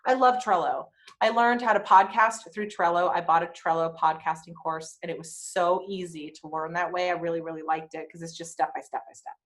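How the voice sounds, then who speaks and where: A woman's voice: on the low side, steady tone, brisk. A woman hosting her own podcast, telling a personal story frankly with swearing and wry asides. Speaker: podcast host.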